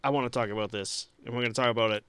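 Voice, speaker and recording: A young man co-hosting a podcast in casual chat, animated, laughing and swearing often. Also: mid-range voice, rapid-fire, clear, resonant tone, dry recording. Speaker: podcast co-host.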